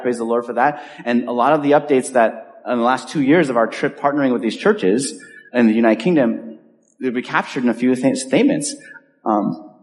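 A man preaching a sermon in an earnest, conversational way, with pauses and restarts. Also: medium pitch, a little mellow. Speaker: pastor. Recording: long hall reverb.

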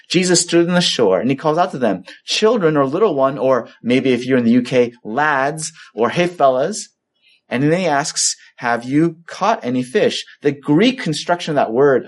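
Lively conversational male pastor. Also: fairly high pitch. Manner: conversational, acts out voices of the people in the story. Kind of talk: sermon.

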